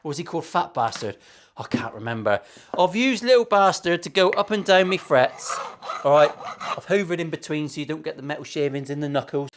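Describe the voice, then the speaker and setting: A man's voice: a little high, animated, a little fast, a little hiss or hum. A man in his forties with an English West Country accent, a guitar maker chatting through a workshop build with cheeky, sweary, self-mocking banter. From England. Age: 40s. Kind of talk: casual workshop vlog.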